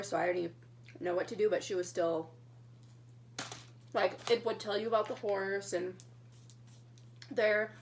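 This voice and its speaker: A young woman telling a story in a casual mukbang vlog, chatting while she eats. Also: medium pitch. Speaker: vlogger.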